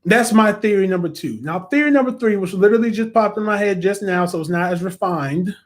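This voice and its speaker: Young man, high voice, excitable, casual episode review, playful reactions. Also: a little fast. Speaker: reviewer and host. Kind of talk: casual spoiler review on a live stream.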